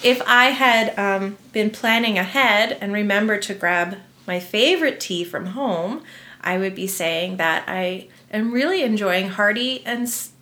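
A woman's voice: medium pitch, measured pace, bright, forceful tone. A woman guest on a casual podcast chat, a church elder who talks in a friendly, chatty way. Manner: friendly, chatty, laughs easily.

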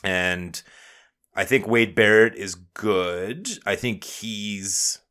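A man's voice: lowish voice, steady tone, very slow, bright, forceful tone, smooth. A young man co-hosting a wrestling podcast, chatting casually, joking and swearing freely. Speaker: podcast co-host.

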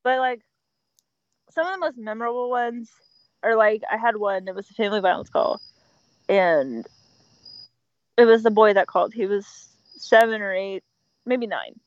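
A woman who works as an emergency dispatcher, chatting casually and telling animated stories, often laughing and acting out what callers said. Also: medium pitch, moderate pace, pauses often, no echo, dull audio. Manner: animated storyteller, laughs often, acts out quotes. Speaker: 911 dispatcher. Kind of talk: casual podcast chat.

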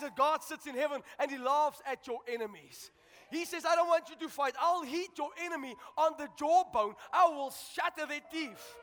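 High bright-voiced preacher shouting a sermon. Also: male voice. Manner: shouting, fervent, repeats phrases. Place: large church hall. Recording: echoey hall with long reverb.

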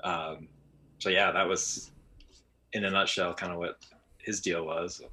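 A man who is fluent in Arabic, a guest in a casual chat, talking in a relaxed, rambling way. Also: sits low, unhurried. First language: speaks Arabic fluently.

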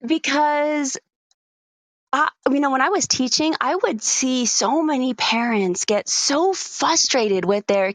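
A woman's voice: on the high side, no echo. A woman in her forties, a parenting coach telling her story in an interview, earnest, with many fillers and restarts.

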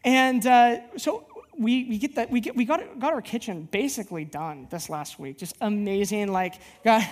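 A man pastoring a church plant, preaching a sermon and telling a personal story in an animated, rambling way with many restarts. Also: high-pitched, normal speed. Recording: long hall reverb.

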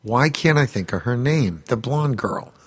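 A man's voice: mid-range voice, a little slow, husky. A man in casual podcast chat, his voice rising and falling a lot as he tells a story. He rambles, restarts, and swears freely. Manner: animated, rambling, profane storytelling.

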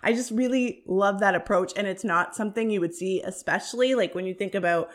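A woman's voice: medium pitch, fairly quick. A woman co-hosting a podcast, talking casually about a film with many "like" fillers. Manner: chatty, many "like" fillers, laughs easily. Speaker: podcast co-host.

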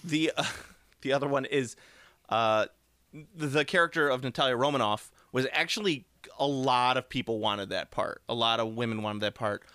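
Chatty podcast man with a bright, forceful voice. He talks about movies in loose, joking asides and speaks close to a dry, deadened mic. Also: mid-range voice, smooth, dry recording. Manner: chatty, quick asides and laughs. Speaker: podcast co-host. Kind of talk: casual movie podcast chat.

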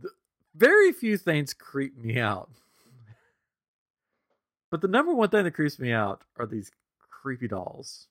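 Male podcast co-host, middle-aged, animated storyteller, lively pitch, dry close mic. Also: measured pace, pauses often, no echo. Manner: animated, laughing often. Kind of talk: casual storytelling.

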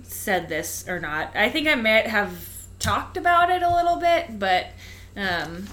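A woman's voice: on the high side, very animated, measured pace, sharp tone, a little hiss or hum. A young woman co-hosting a podcast, telling a rambling story in casual chat and acting out the people she quotes. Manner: chatty storytelling, acts out quoted exchanges with lots of "like". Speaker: podcast co-host.

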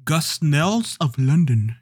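A man's voice: on the high side, sing-song, takes it slowly, breathy edge. A man co-hosting a tabletop gaming podcast, chatting casually, teasing and joking with his friend and swearing now and then. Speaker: podcast co-host and dungeon master. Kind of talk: casual chat.

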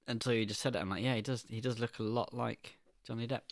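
A man's voice: mid-range voice, steady tone, fast talker, no room sound, studio quality. A man co-hosting a casual film review podcast, teasing his co-host and laughing often.

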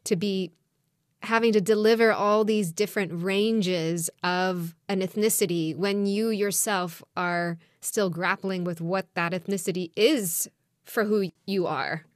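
A woman's voice: medium pitch, fairly even intonation, measured pace, no echo, studio quality. A woman co-hosting a podcast, talking candidly and reflectively in a casual chat, often breaking into laughter. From grew up outside Australia. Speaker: podcast co-host.

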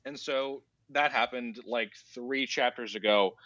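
A man's voice: medium pitch, measured pace, pushed and bright, no room sound. Man casually recapping a book, dry dull mic. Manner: playful, acts out silly voices for characters. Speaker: podcast host recapping a book.

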